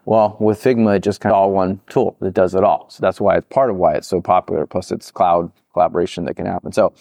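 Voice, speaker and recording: Fast-talking, low-voiced man explaining. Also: gravelly, dry recording. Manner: animated, acts out quoted reactions. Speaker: product management guest. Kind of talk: interview answers.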